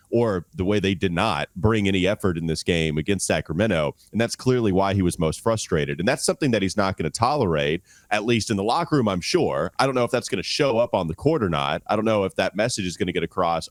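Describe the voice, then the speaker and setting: A man's voice: deep voice, lively intonation, a little fast, few pauses, no echo. A man hosting a sports podcast, weighing in with emphatic analysis. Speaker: podcast host. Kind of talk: casual sports chat.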